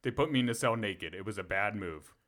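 Animated, profane male storyteller. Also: lowish voice, fairly quick. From Pennsylvania. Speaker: podcast co-host. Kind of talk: casual storytelling.

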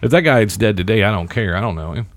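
A man's voice: lowish voice, lively intonation, fast talker, no room sound. A man in his thirties co-hosting a casual podcast, telling a long story in a laid-back, wry way and acting out what others said. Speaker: podcast co-host.

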